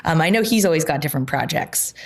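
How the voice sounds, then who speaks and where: A woman guest speaks in a slightly low voice, recounting her past in a casual, animated way. She laughs often and talks with lots of "like" and quick asides. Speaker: podcast guest, founder. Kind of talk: casual interview chat.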